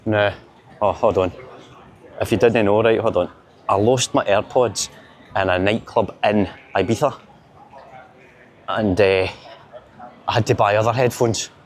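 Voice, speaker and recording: A man's voice: on the low side, fairly even intonation, a little slow, pauses often. Joking Glaswegian man vlogging a street walk. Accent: Glaswegian Scottish. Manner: chatty, joking, rambling banter. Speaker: vlogger filming a city walk. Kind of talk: casual walking vlog to camera. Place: outdoors on busy city streets.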